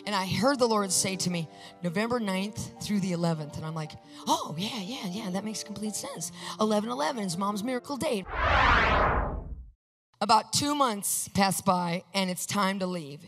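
A woman sharing a personal faith testimony, storytelling in an animated way and acting out the voices she quotes. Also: mid-range voice, normal speed, loud music behind the voice. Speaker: Christian speaker sharing a testimony.

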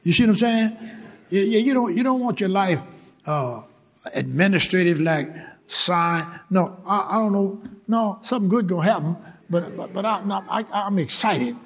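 A man preaching a sermon in church, shouting and laughing as he urges the congregation to laugh along. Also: high-pitched, animated, normal speed. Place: church service. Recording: live in church with crowd noise.

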